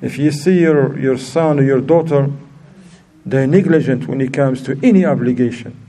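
A medium-pitched man with a dark tone speaks at normal speed, teaching religion in an informal, chatty manner. He asks his audience questions as he goes, and the recording places him well away from the mic.

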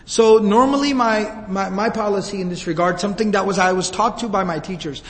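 A man's voice: sits high, fairly quick, hardly any pauses, long reverb tail, low-quality recording. A man giving a sermon, telling the story emotively and acting out quoted lines. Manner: emotive, retells scenes with quoted voices. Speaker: preacher.

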